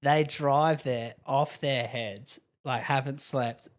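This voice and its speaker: A young Australian comedian spins stories in casual podcast chat, playing out the voices of the people he quotes. His delivery is animated and sits at a middle pitch. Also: slow. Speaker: comedian guest.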